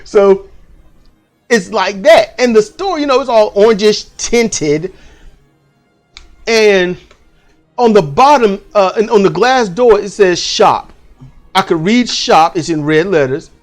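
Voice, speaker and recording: A man telling a story at home in a casual, animated way, swearing freely and acting out the people he quotes. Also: high voice, takes it slowly, long pauses, soft background music. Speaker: channel host.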